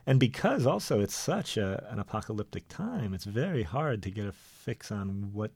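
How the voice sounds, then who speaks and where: A middle-aged man with a very low voice reads from his own book and chats with the host in a wry, easy way. The studio sound is dry and close. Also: sing-song, normal speed, vocal fry, a little mellow, breathy edge, no echo. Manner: wry and conversational, with some filler. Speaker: author and guest. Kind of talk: radio interview and reading from his book.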